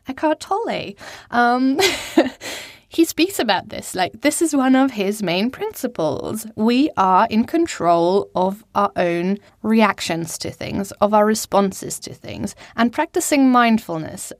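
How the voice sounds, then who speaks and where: A woman's voice: medium pitch, expressive, slow, no echo. Woman podcasting from a cupboard, dry sound. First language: German. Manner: casual, self-mocking, laughs at herself. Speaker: podcast host. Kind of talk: solo podcast monologue. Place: small cupboard at home. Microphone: studio microphone.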